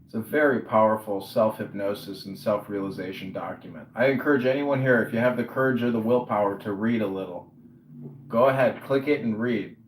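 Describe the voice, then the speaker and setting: A man hosting a social audio chat room who leads the group in loud, repeated chants. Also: fairly low pitch, a little fast, reverberant, a little hiss or hum, rough recording. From Chicago area.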